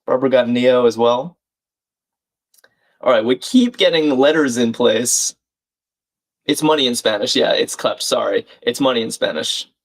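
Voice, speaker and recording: Here the crossword livestream host speaks at a moderate pace and pauses often, his voice at an ordinary middle pitch. He reasons aloud, reads out clues and the names of viewers, and makes friendly side comments to chat.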